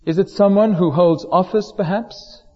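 A man preaches a sermon in a church hall, his mellow voice trailing off into a long reverb. The recording is dull and lo-fi. He talks in a measured way, slowing down to stress key words. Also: high voice. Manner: measured, slows down for emphasis on quoted words.

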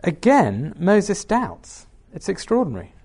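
A man's voice: sits high, huge pitch swings, measured pace, darkish tone, slightly rough. A man preaching a sermon, reading scripture aloud and asking the listeners questions.

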